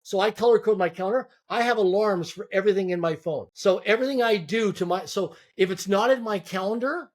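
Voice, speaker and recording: High-voiced man giving emphatic advice. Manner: emphatic, repeats words and restarts, lists in quick series. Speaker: guest entrepreneur. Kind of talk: podcast interview, motivational advice.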